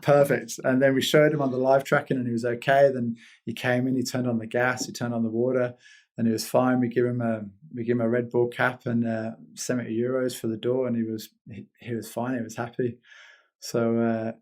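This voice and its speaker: A man's voice: medium pitch, flat delivery, a little fast, a little mellow. A British man telling a rambling story as a guest in a casual interview, laughing often and restarting his sentences. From Britain. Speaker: guest, paraglider.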